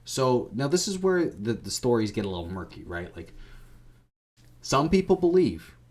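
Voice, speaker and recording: A man's voice: medium pitch, big pitch swings, normal speed, a little mellow. A man hosting a podcast, giving a rambling, irreverent comedic retelling full of slang. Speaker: podcast host.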